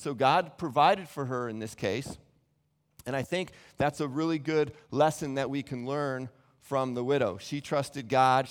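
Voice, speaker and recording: A man's voice: medium pitch, in a large hall. A man giving a Bible teaching sermon, earnest and explanatory, often restarting his sentences. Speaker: preacher.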